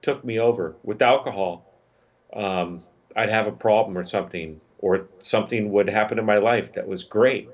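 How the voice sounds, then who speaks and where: Reflective man with a lowish voice. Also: dull audio. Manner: reflective, halting, with fillers. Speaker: podcast co-host. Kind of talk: casual personal storytelling.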